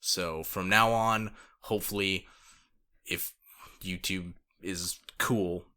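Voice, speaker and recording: A man's voice: low-pitched, fairly even intonation, slow, sharp tone. A man co-hosting a podcast, laid-back and joking in casual chat, with some swearing. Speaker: podcast co-host.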